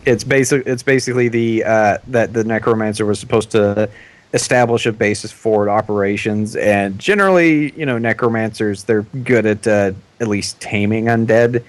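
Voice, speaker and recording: A man with a very low voice acts as game master for a tabletop role-playing game. He explains the world in a halting way, full of fillers and small laughs.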